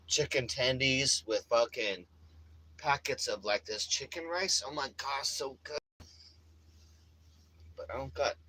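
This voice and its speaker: Bright-voiced man rambling to his phone. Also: slightly rough, low-quality recording. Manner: rambling, profane, swings between loud hype and low mumbling. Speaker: RV-living vlogger. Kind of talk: casual livestream chat to viewers. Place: outdoors around an RV by the beach.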